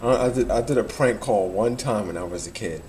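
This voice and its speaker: A young man talks casually to the camera, rambling through old memories and laughing often. His voice sits a little low. Faint outdoor ambience can be heard behind him. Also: a little fast, darkish tone, a little hiss or hum. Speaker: vlogger.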